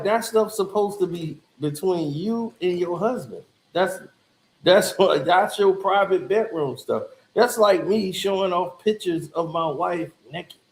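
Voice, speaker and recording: A man's voice: high voice, echoey room, poor audio. A man hosting casual commentary in a laid-back, conversational way.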